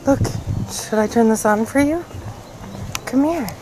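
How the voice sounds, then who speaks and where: A woman vlogging outdoors in a cemetery, chatting casually and coaxing the animals she meets in a gentle voice. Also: a little high, unhurried, background noise. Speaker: travel vlogger. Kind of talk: casual vlog narration.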